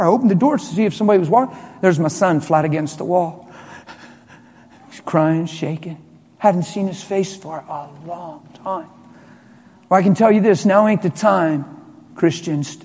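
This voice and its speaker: A middle-aged man preaching a sermon as a pastor, telling a story with emphatic swings from loud to hushed. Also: high voice, moderate pace, pauses often, slightly rough. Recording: long hall reverb.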